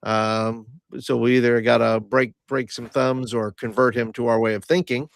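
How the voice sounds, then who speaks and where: A man's voice: mid-range voice, level tone, moderate pace, vocal fry, dry recording. Man, tabletop player, dry close sound, hesitant, casual. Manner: hesitant, many fillers, laughs easily. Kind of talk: tabletop role-play in character.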